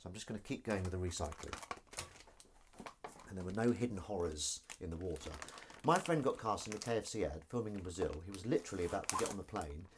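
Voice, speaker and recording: A man's voice: sits low, fast, noisy background. A man hosting a casual live stream from his kitchen while washing up, chatty and self-deprecating as he reads out viewer comments. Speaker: livestream host.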